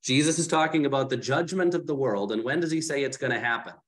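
A man leads a Bible study in a loose, conversational teaching voice of middle pitch. He asks his listeners questions and corrects himself while he explains. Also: fast, a bit bright. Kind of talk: casual teaching talk.

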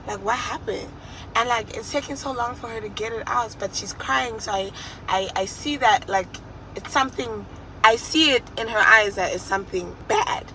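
A young woman tells a personal story for her vlog, her voice sitting a touch high. She talks in a candid, emotional way. Loud traffic noise runs behind her outdoors. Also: moderate pace, low-quality recording. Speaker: vlogger.

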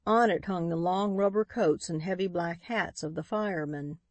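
A woman reads an audiobook in a steady, even narrating voice. Her pitch sits slightly low. The recording is close and dry, with no room sound. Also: moderate pace, no room sound. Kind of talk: scripted narration.

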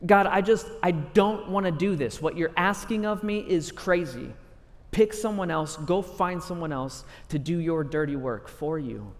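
A preacher playing a pleading, doubtful prophet. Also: male voice, fairly high pitch, expressive, normal speed, big-room sound, close to an everyday voice. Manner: casual modern paraphrase, pleading and protesting. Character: anxious doubting male biblical prophet, pleading.

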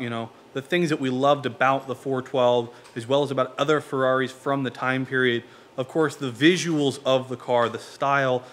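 A man hosting a car build vlog, talking in a relaxed, conversational way with frequent fillers. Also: mid-range voice. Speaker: car build channel host. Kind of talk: casual build vlog narration.

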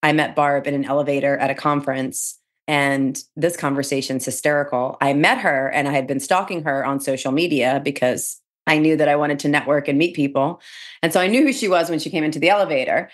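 Guest: woman, middle-aged, deep voice, from New Jersey, animated and laughing, casual interview. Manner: animated storyteller, laughs often, quick restarts. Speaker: podcast guest, real estate speaker and trainer.

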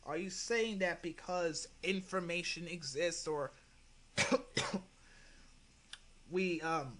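Man, high voice, bright tone, slow deliberate delivery, exasperated commentary. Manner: exasperated, sighing, profane. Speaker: channel host responding to a video. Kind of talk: casual commentary rebuttal.

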